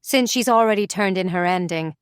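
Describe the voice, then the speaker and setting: A woman's voice: medium pitch, fairly quick, smooth, dry recording, studio quality, natural voice. A woman voicing an earnest, hopeful young female writer in a storybook reading. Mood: tentative. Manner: earnest, tentative.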